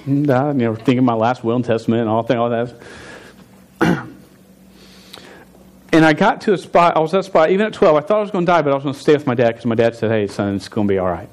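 A man in his forties telling a story in a sermon, animated, stumbling and restarting his words as he goes. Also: medium pitch, fast, long pauses. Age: 40s. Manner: stuttering with frequent restarts. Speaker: pastor.

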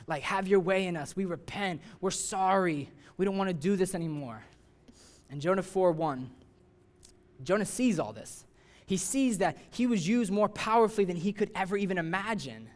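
A man's voice: sits high, moderate pace. A young man giving a casual sermon, talking conversationally with lots of fillers and acting out people's voices. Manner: conversational, many "like" fillers, acts out voices with rising excitement. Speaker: youth preacher.

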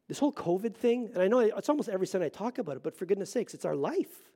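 A middle-aged man preaching a Sunday sermon in a fairly high voice. He talks earnestly and presses hard on key lines, then drops to quiet, hushed asides. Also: lively intonation, racing. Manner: earnest, swings between loud emphasis and hushed asides. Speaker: pastor.

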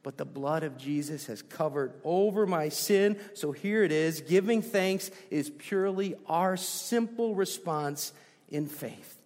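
A pastor preaching a sermon with emphatic delivery that drops to a soft hush on key lines, heard in a church. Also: male voice, fairly high pitch, measured pace. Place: church sanctuary. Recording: hall with long reverb.

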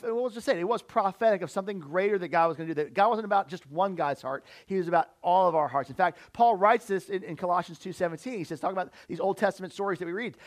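A man preaching a sermon, emphatic and often repeating words as he builds a point. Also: high voice. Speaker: pastor.

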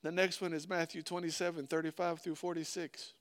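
A man preaching a sermon and reading scripture aloud, earnestly swinging between loud stresses and hushed, slowed phrases. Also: fairly high pitch, little pitch movement. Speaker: pastor.

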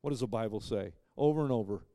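A man preaching a sermon as pastor, emphatic, swinging between loud punches and quiet asides, with dry joking asides. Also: fairly low pitch, fast, no room sound.

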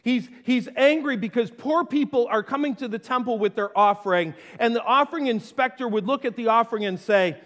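A man preaching a sermon as pastor, conversational and playful, with quick asides and acted-out quotes. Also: very high-pitched, fairly bright tone, in a large hall.

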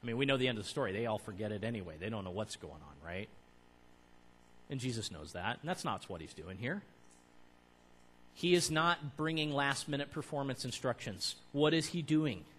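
A man preaches in a mid-range voice, talking to his congregation like a friend. He builds to emphatic, louder peaks. A faint hum sits under the recording. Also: mid-range voice, lively intonation, moderate pace, poor audio. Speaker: pastor. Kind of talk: sermon.

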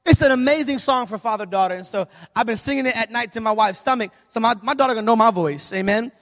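A male pastor preaching a sermon with animated, humorous storytelling that sometimes swells into shouting. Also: very high-pitched, quick pace. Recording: reverberant hall.

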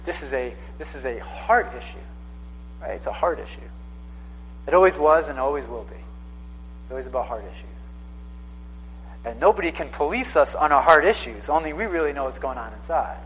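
A man's voice: on the high side, animated, normal speed, long pauses, fairly bright tone, in a large hall, slight background noise, poor audio. A man in his thirties preaching a sermon in a casual, conversational way, often repeating himself for emphasis. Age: 30s. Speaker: pastor.

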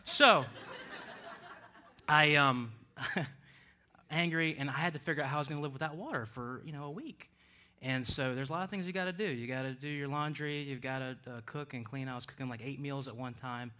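A man preaching a sermon, telling a personal story in a lively way with frequent laughter. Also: medium pitch, moderate pace. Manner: animated, laughs between lines. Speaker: pastor.

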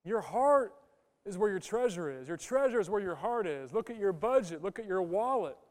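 A male pastor with a high, smooth voice delivers an emphatic sermon. He keeps putting questions to his congregation. His words ring out with a long reverb through a church hall. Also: sing-song, moderate pace. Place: church sanctuary.

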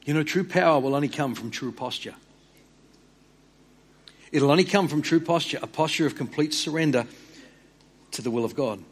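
An earnest man preaching a sermon, repeating and restarting words and dropping quiet for emphasis. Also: fairly high pitch, normal speed, pauses often, breathy edge. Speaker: pastor.

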